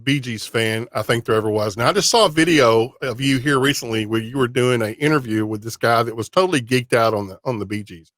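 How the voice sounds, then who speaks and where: A man's voice: medium pitch, fairly quick, few pauses, fairly bright tone, dry recording, clean studio sound. A man from Texas, hosting a podcast and chatting easily, often repeating words as he talks. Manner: easygoing, repeats himself while talking. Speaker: podcast host. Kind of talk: casual interview.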